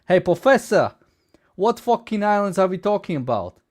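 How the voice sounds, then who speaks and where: Brash New York-accented guy heckling a professor, put on by a man, loud and crude. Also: sits high, sing-song, moderate pace, voice pushed up. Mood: belligerent. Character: brash foul-mouthed New Jersey student, adult man.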